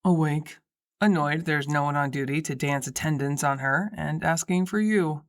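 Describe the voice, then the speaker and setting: A woman's voice: sits low, moderate pace, pitched below the performer's own voice. A woman voicing a laid-back, teasing young man in an audiobook. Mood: calm. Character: easygoing young man, playful, helpful boyfriend.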